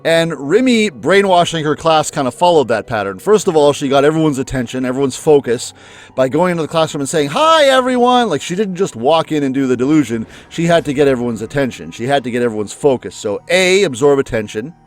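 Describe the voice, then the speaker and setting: A man hosting a let's play, chatting and musing about the story before playing, his pitch jumping up often. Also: expressive, fast talker. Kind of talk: casual commentary before a game. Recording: faint music underneath.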